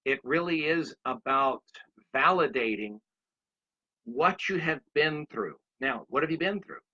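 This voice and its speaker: A man's voice: a little high, expressive, a little slow, sharp tone. A man in his sixties giving a motivational talk, rambling through anecdotes and speaking straight to his listeners. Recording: dull lo-fi recording.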